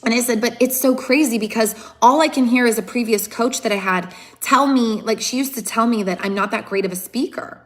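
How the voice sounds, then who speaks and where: A woman's voice: on the high side, fairly quick, hardly any pauses. Woman, motivational talk, emphatic, earnest, repeats herself for stress, phone livestream. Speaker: motivational speaker. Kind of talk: live-streamed motivational talk.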